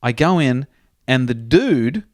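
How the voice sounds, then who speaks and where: A man's voice: medium pitch, animated, slow pace, dry recording, clean studio sound. A man co-hosting a comedy podcast, telling a crude, rambling story in casual chat. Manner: rambling, crude, laughs at his own jokes.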